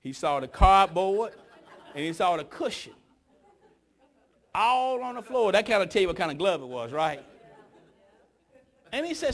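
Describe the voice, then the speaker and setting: A man preaching a sermon with dramatic storytelling, moving from hushed whispers to shouting. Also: high voice, sing-song, moderate pace, pauses often.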